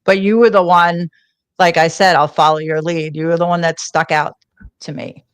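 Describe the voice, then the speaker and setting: A woman's voice: fairly low pitch, level tone, normal speed, smooth, no room sound, studio quality. A woman guest in a casual chat over a video call, grateful and playful, with a little stammer at the start of her sentences.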